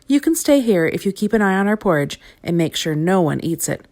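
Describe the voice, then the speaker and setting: A woman voicing a polite middle-sized male bear in a plain, even voice. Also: lowish voice, fairly quick.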